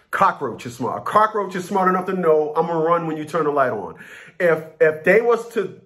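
A man rants casually to his viewers, telling court stories in a blunt, profane way. His voice sits high for a man and jumps around a lot, and he sounds animated throughout. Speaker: vlogger giving custody advice. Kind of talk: casual rant to camera.

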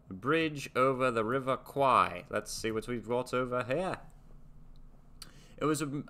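A man's voice: medium pitch, fairly bright tone. A young American man casually reading facts aloud and musing, hosting a reaction video. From United States. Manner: reads facts aloud, muses and trails off.

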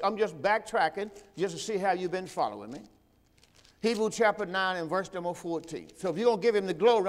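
High-voiced preacher in a reverberant church. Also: male voice, a bit bright. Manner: preaching with call-and-response to the congregation; rises in pitch and volume when stressing a point. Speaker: pastor; host. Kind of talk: sermon. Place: church sanctuary. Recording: long hall reverb of a church.

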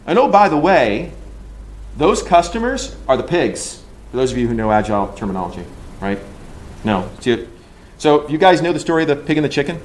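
Animated man ranting at a conference. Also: fairly high pitch, brisk, slight background noise. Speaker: engineering leader. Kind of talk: conference talk. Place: conference room.

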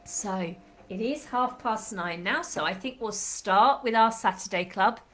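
A woman with a slightly croaky throat leading a children's class on a live stream, chatting warmly to the watching children with sing-song greetings. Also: mid-range voice, measured pace. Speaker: children's club leader. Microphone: live stream webcam.

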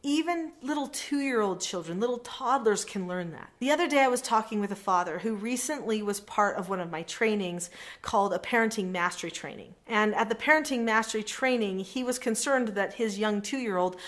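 A woman's voice: medium pitch, expressive, brisk. A middle-aged woman coaching parents in a direct-to-camera lesson, earnest and encouraging, telling a story from her work.

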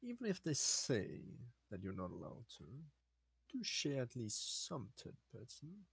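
A tabletop player who speaks in a measured, wry way. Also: medium pitch, huge pitch swings, creaky, fairly bright tone, husky, dry recording. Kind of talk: casual tabletop play.

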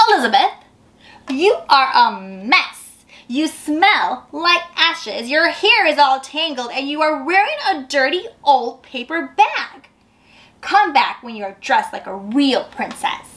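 A woman voicing a snobbish young prince in a storybook read-aloud, speaking slowly and haughtily. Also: sits high, sing-song, a bit bright, full character voice. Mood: disdainful.

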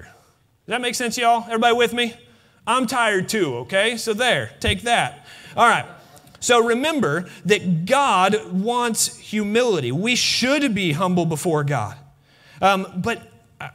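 A man's voice: high-pitched, unhurried. A male pastor preaching a sermon, talking straight to his congregation and repeating key phrases for emphasis. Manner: animated, talks to the congregation directly with repeated phrases. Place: church sanctuary.

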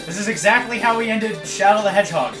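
Brief: higher-pitched man, silly let's play co-host, loud game music underneath. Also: fast. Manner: goofy, joking banter. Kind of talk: casual game commentary. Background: loud video game music.

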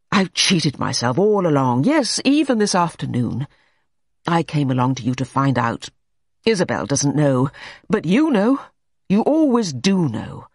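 A hot-headed young man, an artist, snaps and rails in a voice that leaps up and down with every outburst, as a narrator plays him. The voice is slightly husky and recorded dry and close. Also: sits high, no room sound, voice pushed up, full character voice. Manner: sharp, exasperated outbursts. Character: brooding young male painter, quick-tempered. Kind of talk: audiobook character reading.

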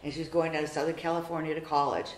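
A woman's voice: deep voice, level tone, fast. An older woman telling her personal story in a heartfelt, chatty way during a church interview. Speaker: parishioner. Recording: roomy church echo.

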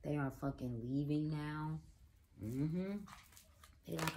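A woman's voice: deep voice, takes it slowly, pauses often, mellow, a little hiss or hum. A woman giving a casual psychic tarot reading, blunt and profane, talking straight to the viewer. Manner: blunt, profane, emphatic, talks to viewer as "girl". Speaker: tarot reader.

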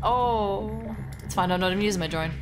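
A young Australian woman streaming a game live, excitable and quick to swear and laugh as she chats with her viewers. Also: medium pitch, music in the background. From Melbourne, Australia. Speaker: livestreamer. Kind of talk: casual live game commentary.

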